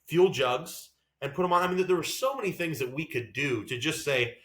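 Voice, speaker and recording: Man, fired-up profane rant, podcast co-host, voice swinging high and low, roomy echo. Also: lively intonation, normal speed, a bit bright. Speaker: podcast co-host and racing driver. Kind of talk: casual podcast chat.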